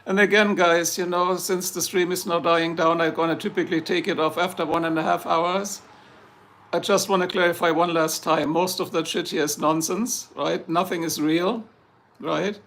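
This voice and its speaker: A man's voice: fairly high pitch, steady tone, moderate pace, a bit bright. A man with a German accent, a native German speaker, chatting casually on a livestream, joking and rambling as he answers viewers in the chat.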